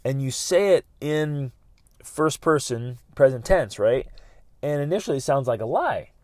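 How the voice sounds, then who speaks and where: Middle-aged male podcast host, earnest and self-correcting, mid-pitched voice, dry close mic. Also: animated, a little slow, darkish tone, no echo. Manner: earnest, repeats words, many restarts. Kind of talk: motivational podcast talk.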